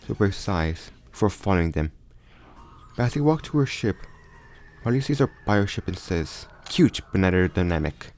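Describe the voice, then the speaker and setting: A man's voice: low voice, lively intonation, normal speed, a little mellow. A man casually improvising a story aloud, often stumbling and restarting his sentences. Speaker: storyteller retelling a fan crossover story. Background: faint background music.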